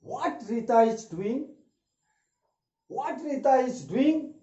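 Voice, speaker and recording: High, lively male teacher. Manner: repeats each sentence slowly, explanatory. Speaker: English grammar teacher. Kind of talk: classroom grammar lesson. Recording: echoey room, dull lo-fi sound.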